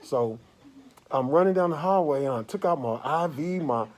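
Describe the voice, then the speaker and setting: Lying in a hospital room bed, a man tells his viewers an animated, casual story at a moderate pace. He shifts from quiet murmuring to sudden loud outbursts.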